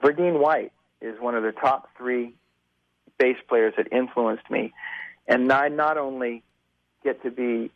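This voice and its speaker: A man in his fifties, a musician guest telling stories over the phone, animated and acting out the voices of the people he quotes. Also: medium pitch, unhurried, creaky, no room sound. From United States. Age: 50s. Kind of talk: casual storytelling on a phone interview. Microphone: telephone. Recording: tinny phone line.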